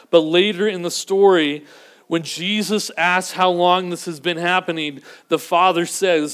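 A man preaching a sermon, earnest and building to emphatic peaks before dropping to a low, quiet delivery. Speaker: pastor.

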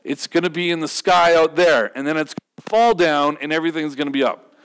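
Preacher voicing God, patient male deity, plain casual explaining, fairly high voice. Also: brisk, a bit bright, smooth, low-quality recording. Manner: casual, explanatory, matter-of-fact.

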